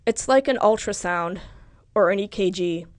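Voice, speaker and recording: A woman reading the lines of a calm, patient blind male therapist in an audiobook, with measured, gentle questions. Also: medium pitch, no echo, clean studio sound, close to an everyday voice. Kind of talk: audiobook character voice.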